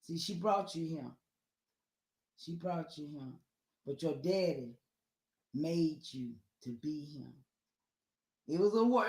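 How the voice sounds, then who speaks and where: A woman's voice: mid-range voice, echoey room. A woman, speaking to listeners on a video call in a casual, heartfelt, preachy way and repeating herself for emphasis. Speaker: speaker at an online symposium.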